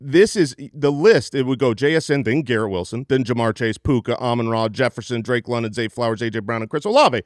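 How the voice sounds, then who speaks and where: A man co-hosting a fantasy football podcast, rattling off stats with energy, jumping high in pitch when excited and laughing often. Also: brisk, hardly any pauses, no room sound, studio quality. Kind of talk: energetic stat-heavy sports podcast talk. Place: studio, live show.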